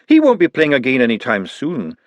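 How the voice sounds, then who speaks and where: A man's voice: medium pitch, huge pitch swings, a little fast, dry recording. A man voicing a matter-of-fact male doctor who talks in a cheerful, offhand way, in an audiobook reading.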